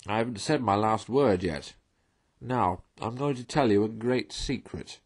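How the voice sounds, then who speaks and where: A man voicing a stern, wise old male badger in a storybook reading, slow and commanding. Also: lowish voice, breathy edge. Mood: encouraging.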